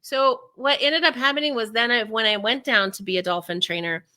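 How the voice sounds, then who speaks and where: A woman's voice: fairly high pitch, fairly quick. A woman in her thirties, a coach, talking in a casual interview and acting out the voices of people she quotes. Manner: animated, acts out quoted voices.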